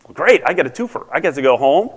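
A man's voice: a little high, very animated, fast talker, breathy edge. A man voicing a lost young girl who is puzzled and chatty, in an echoing hall. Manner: incredulous, chatty. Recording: reverberant conference hall.

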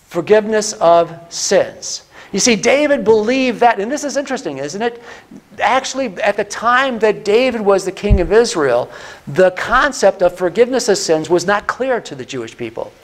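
High-voiced man preaching a Bible teaching. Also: lively intonation, normal speed. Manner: repeats key lines for emphasis, asks the listeners questions. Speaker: pastor.

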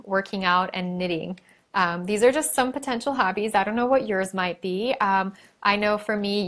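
A woman hosting a live stream, reading viewer comments aloud and cheering them on in a warm, effusive way, with many fillers. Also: mid-range voice.

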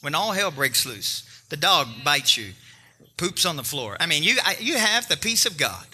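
Male pastor, high and very bright voice, emphatic sermon delivery with jokes. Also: sing-song, normal speed, slightly rough. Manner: emphatic, joking preaching that talks straight to the congregation.

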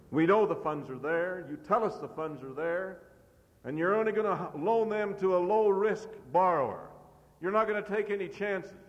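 A middle-aged American man who leads a farm organization, giving a convention speech with forceful, repetitive rhetoric. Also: sits high, lo-fi sound. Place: large convention hall. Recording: echoey hall, old cassette tape.

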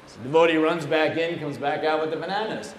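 Animated male storyteller in an echoey room. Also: on the high side, fast talker. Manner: animated, playful anecdotes with acted quotes. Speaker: speaker at a temple. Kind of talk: humorous storytelling talk. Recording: echoey room, faint noise.

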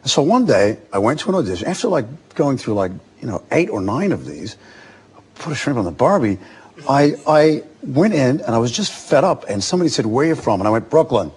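Animated Australian man telling stories. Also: mid-range voice, fairly quick. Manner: animated storyteller, acts out other voices. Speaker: actor, interview guest. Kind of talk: casual talk-show anecdotes. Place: television studio.

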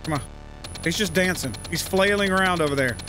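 A man giving live gameplay commentary, exasperated and swearing, yelling at the game as he plays. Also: high voice, a little fast, background noise. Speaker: gaming channel host.

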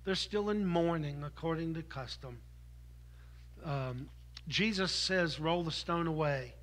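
A pastor preaching with a bright, ringing tone. He swings between loud calls and quiet, close appeals. His voice sits high for a man, and the delivery stays earnest throughout. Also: unhurried. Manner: earnest preaching, rising in volume then dropping to soft, intimate appeals. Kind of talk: sermon.

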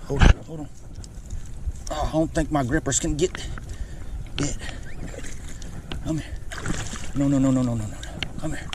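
A man's voice: mid-range voice, steady tone, moderate pace, long pauses, noisy background. A man vlogging from a riverbank while fishing, breathless and exclaiming over and over. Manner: breathless, keeps exclaiming and repeating himself. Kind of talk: excited outdoor fishing narration. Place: riverbank outdoors.

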